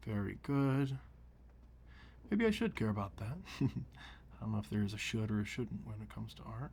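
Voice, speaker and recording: Soft-spoken man murmuring while painting. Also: lowish voice, lively intonation, normal speed, creaky, long pauses, slight background noise. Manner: soft-spoken, often dropping to a near whisper while working. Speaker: painting show host. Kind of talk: relaxed painting tutorial with running commentary.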